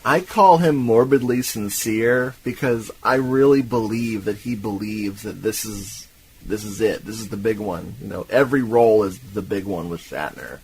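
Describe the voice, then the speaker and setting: A man from Tampa co-hosting a podcast, retelling a film plot in a lively, profane, laughing way. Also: on the low side, normal speed, gravelly, a little hiss or hum, low-quality recording. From Tampa, Florida. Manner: animated, laughing, profane storytelling. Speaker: podcast co-host. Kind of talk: casual movie-recap chat.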